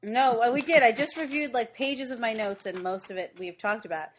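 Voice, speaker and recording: A woman's voice: a little high, brisk, slight background noise. Chatty woman recapping a movie. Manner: animated storytelling, acts out movie lines. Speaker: podcast co-host. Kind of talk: casual movie chat.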